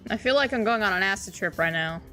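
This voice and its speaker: A woman's voice: medium pitch, animated, fast, sharp tone, soft background music. A young woman casually reacting on a livestream, swearing often and making sarcastic asides. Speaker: streamer reacting to a webcomic.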